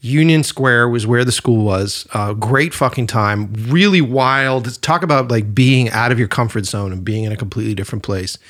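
A man co-hosting a podcast, telling a personal story in a loose, animated way and swearing freely. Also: medium pitch, normal speed, few pauses. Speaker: podcast co-host. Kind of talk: casual storytelling chat.

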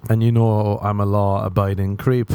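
A man's voice: fairly low pitch, level tone, moderate pace, darkish tone, clear, resonant tone, no echo. Profane, sarcastic young man ranting. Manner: profane, sarcastic, laughs at own jokes. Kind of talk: rambling comic monologue.

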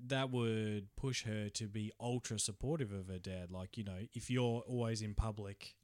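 A man co-hosting a casual film podcast, making quick, enthusiastic asides. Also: lowish voice, fairly even intonation, a little mellow, no room sound, studio quality. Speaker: podcast co-host.

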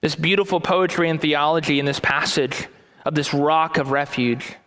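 High-voiced preaching man in a reverberant hall. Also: steady tone, fairly bright tone. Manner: earnest expository preaching, slows for emphasis. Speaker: pastor. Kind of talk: sermon. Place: church sanctuary.

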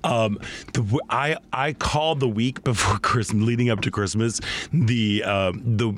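A playful man chatting on a radio talk show, his voice sitting at an everyday middle pitch. He talks theatrically, hams up his stories and laughs easily. The sound is a clean radio studio recording. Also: unhurried. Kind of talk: casual holiday chat.

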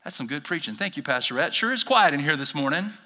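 A male pastor giving an animated sermon, speaking straight to his congregation and acting out the voices of the people he quotes. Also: fairly high pitch, fast talker, in a large hall. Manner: animated preaching, talks directly to the congregation, acts out quoted voices.

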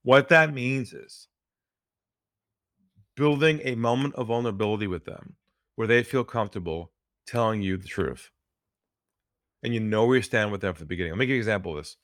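A man's voice: brisk, long pauses, a bit bright, no echo. Male podcast guest, sales trainer; earnest storyteller, dry booth sound. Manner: earnest, drops his voice low for stories.

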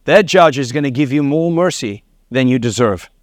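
A man's voice: mid-range voice, animated, moderate pace, dry recording, clean studio sound. A middle-aged man with a South African accent preaching a sermon, telling stories with laughs and acted quotes. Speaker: pastor.

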